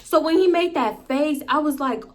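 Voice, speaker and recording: A woman hosting her storytime channel, telling the story casually, animated and blunt and swearing freely. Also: sits high, moderate pace.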